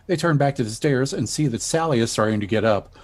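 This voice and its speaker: Guy reading the stage directions, even and measured. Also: medium pitch.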